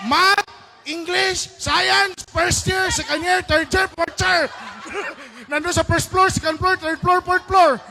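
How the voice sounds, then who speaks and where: Male game player, high bright voice with gravel, playful guesser. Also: slow. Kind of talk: playing a party guessing game.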